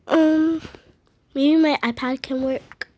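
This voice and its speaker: A woman's voice: high voice, fairly even intonation, slow, dark tone, no room sound. A woman casually narrating her own toy role-play in a chatty way.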